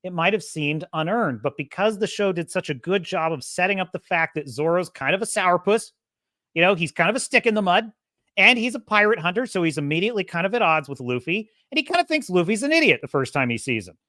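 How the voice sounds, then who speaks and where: A woman's voice: on the low side, quick pace, dry recording, studio quality. A woman hosting a podcast, ranting in a sarcastic, casual way, laughing often and mimicking characters. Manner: animated, swings loud and soft. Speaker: podcast host. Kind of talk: casual opinionated rant.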